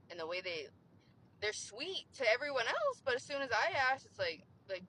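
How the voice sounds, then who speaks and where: A woman's voice: a little high, sing-song, normal speed, background noise. Irritated young woman venting profanely. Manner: frustrated, profane, rambling with many "like" fillers. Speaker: vlogger venting about work. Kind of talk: casual venting monologue.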